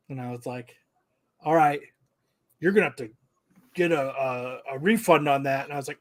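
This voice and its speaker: A male podcast co-host in casual chat, voice sitting a bit high for a man. He tells stories with a lot of swearing and plays every part himself. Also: normal speed. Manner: animated, profane, acts out quoted exchanges.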